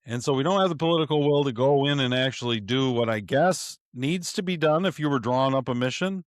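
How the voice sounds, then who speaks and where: A man's voice: medium pitch, no echo. A man hosting a podcast from his home studio, talking casually about politics, stumbling and repeating words as he thinks aloud. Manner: halting, repeats words, chuckles often. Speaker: podcast host.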